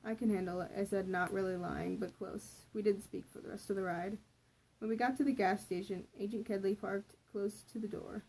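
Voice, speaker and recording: A woman's voice: medium pitch, fairly even intonation, normal speed, vocal fry, darkish tone, breathy edge, rough recording. A young woman casually reading her own old story aloud, often correcting herself and commenting on the writing.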